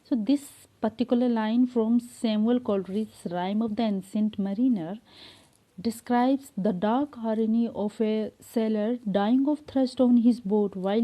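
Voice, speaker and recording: A woman with an Indian English accent, a lecturer, explaining literary terms to a class in an unhurried way with frequent fillers. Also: mid-range voice, warm tone.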